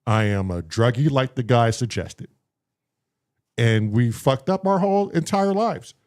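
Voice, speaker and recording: Man, animated storyteller, acts out voices, swears often, casual talk. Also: mid-range voice, measured pace. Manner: swears freely. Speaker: podcast co-host telling a story.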